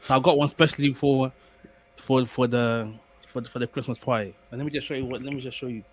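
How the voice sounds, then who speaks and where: A young man co-hosting a podcast, chatting casually and telling stories in an animated, stammering way. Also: mid-range voice, fast talker, slight background noise. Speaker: podcast co-host. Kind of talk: casual chat.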